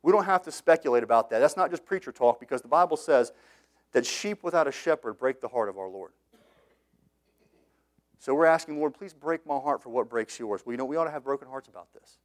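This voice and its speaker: A man preaching a sermon as a missionary pastor, reading scripture slowly and swinging between loud passionate lines and quiet ones. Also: medium pitch, expressive. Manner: reads scripture in slow measured tones.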